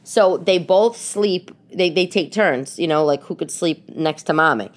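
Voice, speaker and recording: A woman with a New York accent hosting a casual podcast chat from her living room, telling stories in an animated, expressive way. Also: fairly low pitch, measured pace. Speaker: podcast host.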